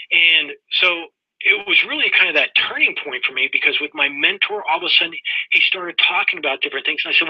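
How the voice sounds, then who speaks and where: A man's voice: on the high side, expressive, fast talker, slightly rough, no echo. A middle-aged man telling a personal story in a webinar in a folksy way, talking straight to his listeners, heard through dull, lo-fi audio. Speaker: webinar presenter.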